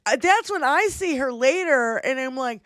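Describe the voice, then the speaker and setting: Loud, profane woman storyteller. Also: high-pitched, normal speed, no echo, studio quality. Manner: loud, profane, animated retelling. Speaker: livestream co-host. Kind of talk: casual storytelling chat.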